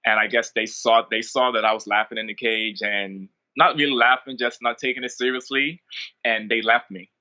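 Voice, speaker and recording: A man's voice: mid-range voice, normal speed, dull audio. A young man from the Bahamas, a fighter telling stories in a casual interview with lots of ums and likes. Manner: relaxed, rambling, many ums and likes. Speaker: MMA fighter, interview guest.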